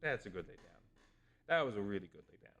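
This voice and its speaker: A man on a casual live stream at home chats playfully with his dog and reads aloud into a desk microphone, laughing often. His fairly low voice is fast and a bit bright, with big pitch swings.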